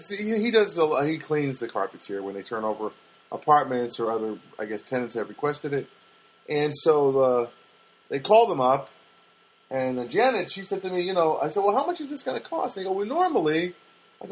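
A man's voice: mid-range voice, a bit bright, poor audio. A middle-aged man hosting a podcast, telling a long, rambling, self-deprecating story full of fillers. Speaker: podcast host.

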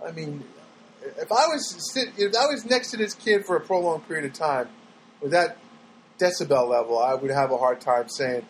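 A man's voice: on the high side, animated, normal speed, a little hiss or hum, low-quality recording. A man telling an everyday story as a sarcastic, exasperated rant, rambling with restarts. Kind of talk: storytelling monologue.

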